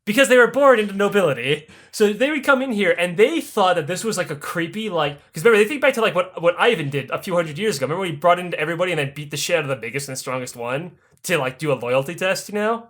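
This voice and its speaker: A man's voice: high-pitched, fast talker, few pauses. A man hosting a podcast, telling history as comedy with crude jokes and lots of swearing. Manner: crude, animated, swearing freely. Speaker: podcast host.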